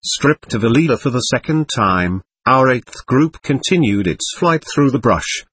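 A man's voice: mid-range voice, animated, measured pace, a bit bright, breathy edge, no room sound. A man narrating a war memoir in the first person, in a vivid, dramatic audiobook reading.

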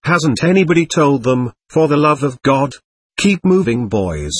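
A man's voice: mid-range voice, very animated, a little slow, slightly rough. A man voicing a blunt, battle-hardened veteran soldier in an audiobook reading, giving curt, urgent orders. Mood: gruff.

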